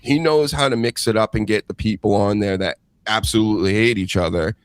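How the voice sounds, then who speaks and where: A man co-hosting a podcast, chatting casually in an animated, rambling way and laughing easily. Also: on the low side, a little fast, smooth, dry recording. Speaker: podcast co-host. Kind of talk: casual chat.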